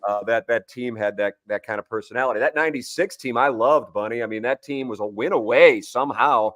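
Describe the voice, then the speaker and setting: A man's voice: medium pitch, brisk, a bit bright, dry recording, studio quality. A man in his forties, a sports radio guest, telling long rambling anecdotes with frequent restarts in a casual sports talk show.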